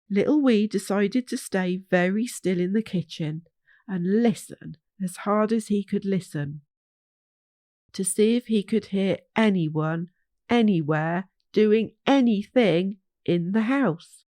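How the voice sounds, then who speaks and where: Slow, soothing woman reading a children's story. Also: medium pitch, mellow, no room sound, studio quality.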